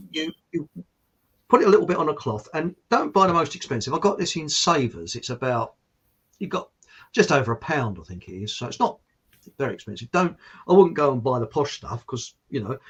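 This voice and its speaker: Fairly high-pitched, a bit bright, and husky, this estuary-accented host from Hertfordshire, England, rambles happily through a casual chat show, laughing a lot. The recording quality is low.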